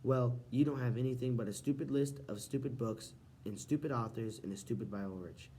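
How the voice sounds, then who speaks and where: A man's voice: mid-range voice, fairly quick, warm tone, a little hiss or hum, close to an everyday voice. A man reading an audiobook, voicing a whiny, panicky boy who sputters when caught cheating. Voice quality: sputtering, whining.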